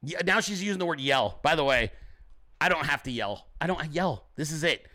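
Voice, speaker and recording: A man in his forties hosting a show, telling stories in a swearing, animated rant. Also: a little high, fairly quick. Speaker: show host. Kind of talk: profane ranting monologue.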